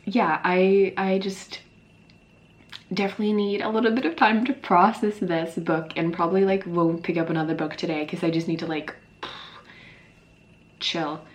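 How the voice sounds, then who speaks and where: A woman in her early twenties, tearful after crying, talking haltingly to her camera about a book in an emotional reading vlog. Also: fairly low pitch, fairly even intonation. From Sweden. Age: early 20s. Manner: emotional, halting, many fillers and sighs. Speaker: book vlogger. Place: alone at home talking to camera.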